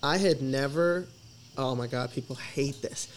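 A young man, a musician guest on a podcast, chatting casually and excitably while stoned, swearing freely and restarting his sentences. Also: medium pitch, measured pace, slight background noise.

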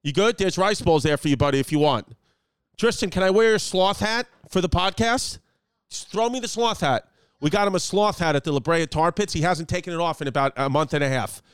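A man's voice: a little high, brisk, smooth, no echo. A man in his thirties hosting a casual podcast from home, rambling and joking with plenty of swearing. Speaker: podcast host and comedian. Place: home apartment.

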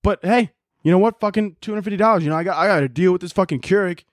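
A man's voice: high voice, very fast, no echo, clean studio sound. Profane, rambling young man ranting. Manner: profane, rambling, sarcastic, jumps between topics. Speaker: podcast host. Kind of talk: casual solo podcast rant.

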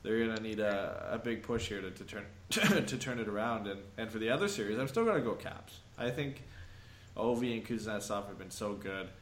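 Brief: male co-host, lowish, echoey room, faint ambience, measured and hedging. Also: lively intonation, a little hiss or hum. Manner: thoughtful, hedging, laughs between points. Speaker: podcast co-host. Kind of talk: casual sports talk.

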